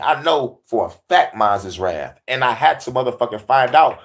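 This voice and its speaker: A man's voice: medium pitch, lively intonation, normal speed. Profane, laughing man ranting. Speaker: host. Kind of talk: casual comedic rant.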